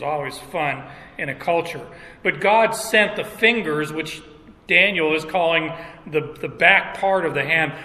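A middle-aged pastor delivers a sermon slowly and haltingly, often restarting phrases and breaking into chuckles. His very bright, slightly high voice rings out with a long hall reverb, as though he's standing in a church sanctuary.

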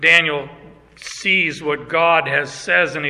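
A man preaching with a slow, deliberate pace and a bright, forceful edge to his voice. He reads scripture aloud and stops to explain it with emphasis. His voice rings with the long reverb of a large hall. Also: on the high side, steady tone. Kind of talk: expository sermon.

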